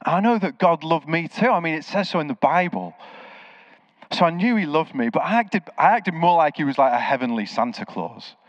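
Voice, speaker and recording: A man's voice: on the high side, brisk, dry recording. A man preaching a sermon, telling stories and acting out the voices of the people in them. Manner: animated storyteller, acts out quoted voices. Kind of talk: sermon with storytelling. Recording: slightly dull, dry sound.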